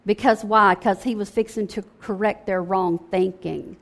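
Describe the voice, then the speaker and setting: A woman's voice: mid-range voice, fairly even intonation, normal speed, creaky. A woman preaching a sermon in a conversational, emphatic way, often checking in with "okay?".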